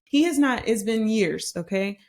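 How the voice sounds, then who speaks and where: A woman hosting a podcast Bible study, teaching in a conversational, emphatic way and reading scripture slowly and deliberately. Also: a little high, expressive, a little mellow.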